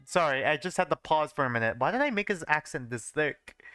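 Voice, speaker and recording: A young man streams a reading of his old fanfiction, stopping often to mock it with casual swearing. His voice is bright and clear, with a lively, fairly high pitch. The sound is dry and close. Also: a little fast, no room sound. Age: young adult. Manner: swears casually and laughs at his own writing. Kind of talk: live reading with joking asides.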